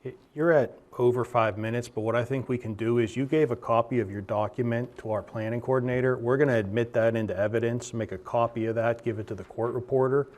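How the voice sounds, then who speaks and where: Man, meeting chair; quick, polite, procedural delivery. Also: mid-range voice, fairly even intonation, a little mellow. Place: council meeting room.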